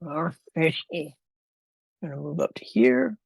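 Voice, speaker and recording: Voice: medium pitch, expressive, slow pace, vocal fry, a little mellow, slightly rough, no echo, rough recording. A player in a tabletop game chatting casually, with jokey, playful banter.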